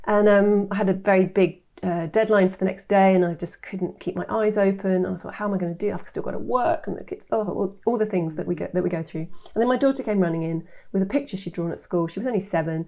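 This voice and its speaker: A woman in her fifties, a nutritionist guest telling her story in an animated way, acting out quoted voices. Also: medium pitch, fairly quick. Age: 50s. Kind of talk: interview storytelling.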